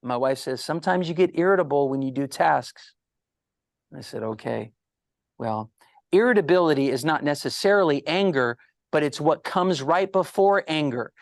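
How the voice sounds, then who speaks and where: Middle-aged guy, gravelly voice, animated storyteller doing the voices, dry close mic. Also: on the high side, moderate pace, no room sound. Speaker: guest psychologist. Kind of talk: storytelling interview answers.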